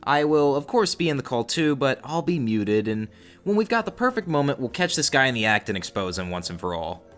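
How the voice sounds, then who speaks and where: A man narrating a story to his viewers in a casual, animated way with exasperated asides. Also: medium pitch, brisk, faint music behind. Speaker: YouTube storyteller.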